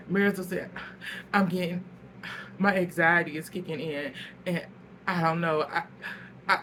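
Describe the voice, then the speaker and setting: Male recapper, animated and profane, cracks up often; bright, slightly high voice, faint noise. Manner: animated storytelling, laughs a lot, salty language. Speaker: reality show recapper. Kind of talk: casual recap chat.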